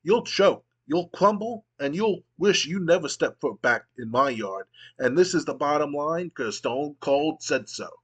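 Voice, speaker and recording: Man putting on a swaggering tough-guy wrestler, raised pitch, barking insults, loud brash threats. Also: animated, a little slow, slightly rough. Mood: threatening. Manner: cocky, shouting insults and threats. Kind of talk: wrestling promo impression.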